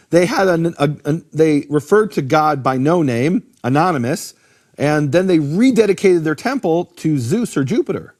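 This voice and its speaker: Man explaining with animated questions. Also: on the high side. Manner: animated, rhetorical questions, frequent restarts. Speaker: Bible teacher explaining Hebrew names. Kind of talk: conversational lecture.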